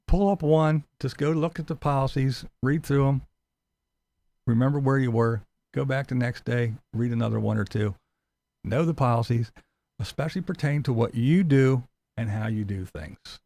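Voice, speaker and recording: A man's voice: medium pitch, gravelly, darkish tone, no room sound. A middle-aged man hosting a commentary channel, talking in a blunt, profane, mocking rant and acting out silly voices. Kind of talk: ranting commentary vlog.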